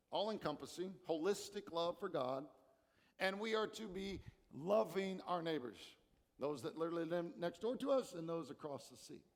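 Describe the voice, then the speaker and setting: High-voiced preaching man in a reverberant church. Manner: earnest, emphatic preaching with dramatic shifts in loudness. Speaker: pastor. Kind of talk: sermon. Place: church sanctuary.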